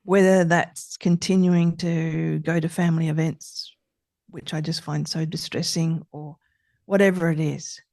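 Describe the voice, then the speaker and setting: Woman, middle-aged, therapist guest, emphatic, expressive, lowish voice, dry close sound. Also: unhurried, vocal fry, no echo. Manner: expressive, emphatic, repeats key points for emphasis. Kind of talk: conversational podcast interview.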